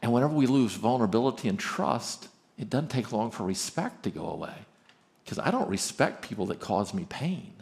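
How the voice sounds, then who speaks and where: A man speaking at a marriage conference, animated, acting out both spouses in quoted lines and restarting words quickly. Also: medium pitch, gravelly.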